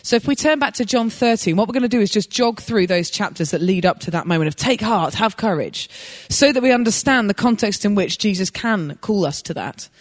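A woman preaching a sermon, telling a personal story in an animated way and laughing as she goes. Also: medium pitch, fairly quick, hardly any pauses, long reverb tail.

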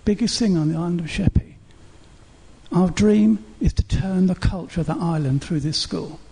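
A man's voice: sits high, normal speed, creaky, mellow, breathy edge. A male pastor preaching a sermon, building his points through repeated rhetorical questions in an earnest, urging way.

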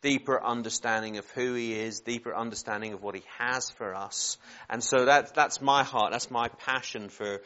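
A man in his forties from Northern Ireland with a Northern Irish accent, softened by years in England, giving an informal sermon in a rambling, self-deprecating way full of joking asides. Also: medium pitch, fairly even intonation, moderate pace, few pauses, highs cut off. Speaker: preacher.

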